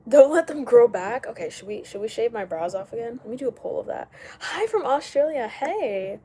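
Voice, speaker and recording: A young woman live streaming from home, chatting casually, reading out comments and firing back quick retorts with frequent laughs. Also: on the high side, animated, mellow, slight background noise. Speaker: livestreamer. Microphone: camera mic while live streaming.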